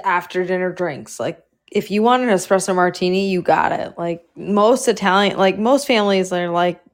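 A woman hosting a casual chat, rambling with lots of "like" and casual swearing. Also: medium pitch. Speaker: host.

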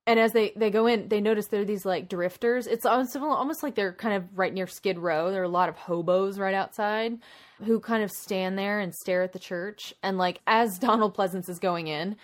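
Casual co-host, female, mid-pitched, loose and chatty, stacks tangents as she recaps a film. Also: normal speed. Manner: rambling, animated plot retelling with many asides. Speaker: podcast co-host. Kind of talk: casual chat.

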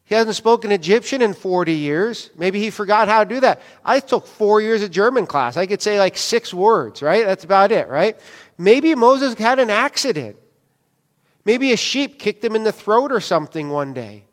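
A man's voice: high-pitched, lively intonation, moderate pace. A male pastor preaching a sermon in a conversational way, often asking the congregation questions. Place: church hall. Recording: long reverb of a church hall.

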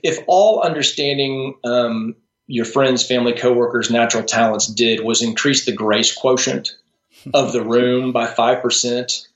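A man with a mid-range, steady voice speaks at a measured pace with a fairly bright tone. He's a strengths coach guesting on a podcast interview, talking thoughtfully and casually with many restarts and asides, and the audio is roomy, dull, and lo-fi.

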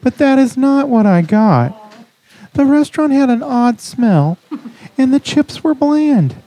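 A man putting on a high, whiny voice as a fussy female restaurant reviewer. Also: sing-song, slow pace, warm tone, heavily acted, poor audio.

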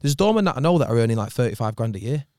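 A man's voice: medium pitch, very animated, racing, a little mellow, smooth, no room sound, studio quality. A young man, a doorman swearing freely as he tells a story in casual chat. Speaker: doorman telling stories.

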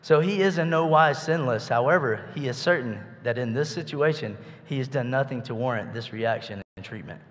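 A man's voice: medium pitch, fairly quick, hardly any pauses, a bit bright. A man preaching a sermon in a conversational way, asking his listeners rhetorical questions. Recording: echoey hall with long reverb.

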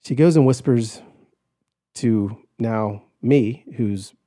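A man guest on a podcast, telling a personal story in an animated way and acting out the voices of others. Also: medium pitch, slow. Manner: animated, acts out quoted voices, shouts in retelling.

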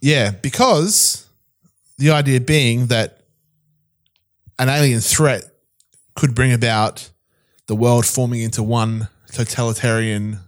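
A man chatting loosely on a podcast with friends. He rambles through his stories, stops to hunt for names, and talks in an easy, mid-pitched voice. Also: fairly even intonation, slow, long pauses. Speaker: podcast co-host. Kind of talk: casual conspiracy chat.

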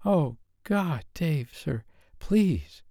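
A man's voice: a little high, lively intonation, very slow, gravelly, dark tone, dry recording, studio quality, voice pushed up, exaggerated voice. A man voicing an anxious, pleading young woman in an audiobook, speaking earnestly.

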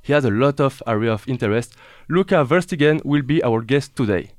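A man's voice: medium pitch, animated, brisk, darkish tone, dry recording. A man with a French accent, a native French speaker, hosting a radio show and opening it with playful energy and wordplay. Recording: music playing under the voice. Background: music.

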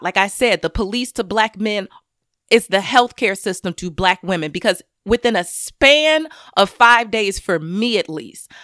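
A woman's voice: medium pitch, no echo. Impassioned, profane woman on a dry mic. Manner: profane and intense, swinging between loud anger and quiet grief. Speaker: commentator speaking to camera. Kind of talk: impassioned personal monologue.

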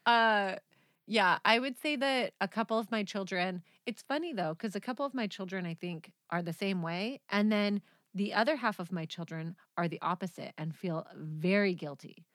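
A woman co-hosting a podcast chats loosely and tells long, rambling stories, often breaking into laughter. Her voice sits at an ordinary middle pitch. The sound is dry and close, with no room echo. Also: moderate pace, fairly bright tone. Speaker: podcast co-host. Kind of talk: casual chat.

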